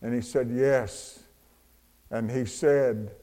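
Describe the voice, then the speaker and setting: A man preaching a sermon, moving from hushed, slow storytelling to soaring, shouted proclamation. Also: medium pitch, fairly even intonation. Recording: long hall reverb.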